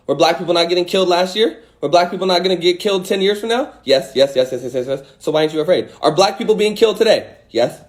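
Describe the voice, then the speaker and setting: A man hosting a casual livestream, talking into a phone with emphatic rhetorical questions and blunt swearing. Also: high-pitched. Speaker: host of an Instagram live. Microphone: phone mic.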